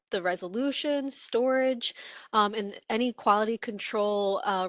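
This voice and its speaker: A woman's voice: mid-range voice, a bit bright, dry recording. A woman answering as an expert panelist in an online webinar, casual and jokey, with many fillers, speaking into a computer mic on a video call. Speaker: panelist, records imaging expert.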